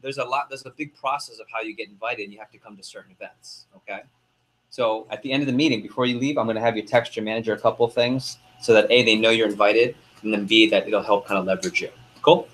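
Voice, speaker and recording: A young man, a sales division manager, speaking to a room of reps in a lively motivational meeting, full of quick asides. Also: on the low side.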